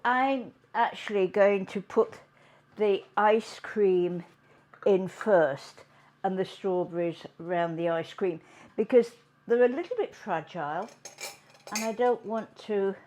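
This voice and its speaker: Slow, chatty woman cooking at home. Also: mid-range voice, darkish tone, slight background noise. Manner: chatty, unhurried, talks while working. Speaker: cooking show host. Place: home kitchen.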